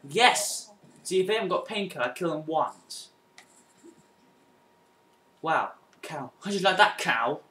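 A man's voice: fairly high pitch, lively intonation, unhurried, long pauses, sharp tone. A young man commentating over his own gameplay, muttering to himself and breaking into frustrated outbursts. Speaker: gamer. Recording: echoey room, mic at a distance, faint noise.

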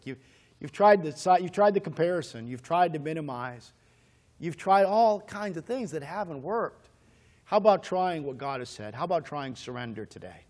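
A man preaching a sermon as pastor, telling stories in an animated way and then earnestly inviting his listeners to pray. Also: a little high. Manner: acts out quoted characters in lively storytelling.

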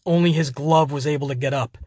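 A man's voice: fairly high pitch, steady tone, fast talker, mellow, dry recording, clean studio sound. A man hosting a podcast, energetically retelling a wrestling show in casual, profane language. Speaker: podcast host.

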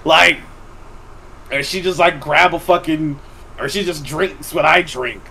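A man's voice: a little high, measured pace, vocal fry, bright, forceful tone, slight background noise, low-quality recording. A man hosting a podcast, telling a profane story in a casual chat and laughing often. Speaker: podcast host.

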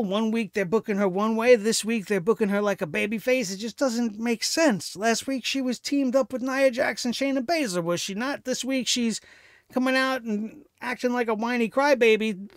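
A man's voice: high voice, no echo, studio quality. A man hosting a wrestling review show, giving solo commentary in a sarcastic, exasperated rant that turns profane.

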